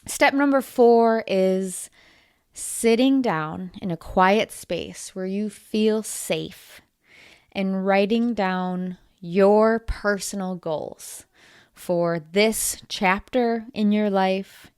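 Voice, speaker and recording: Slow, deliberate woman podcast host. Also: mid-range voice, a little mellow, smooth, no room sound, clean studio sound. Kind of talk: solo self-help podcast talk.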